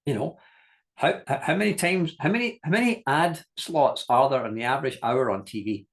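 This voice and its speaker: A man teaching a business masterclass, telling lively stories, acting out quoted voices and laughing often, and repeating key points with direct emphasis. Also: medium pitch, normal speed. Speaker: business coach.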